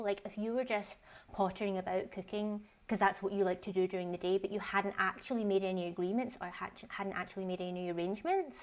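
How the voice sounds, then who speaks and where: Frank, chatty woman reacting casually. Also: medium pitch. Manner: frank and chatty, swears freely, rhetorical questions. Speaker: YouTuber reacting to online posts.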